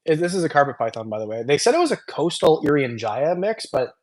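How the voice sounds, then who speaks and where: A man's voice: on the high side, sing-song, quick pace. Tired, rambling livestream host, man. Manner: loose, rambling, joking, many fillers. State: tired after a long stream. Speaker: reptile channel host. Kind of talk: casual livestream chat reading comments.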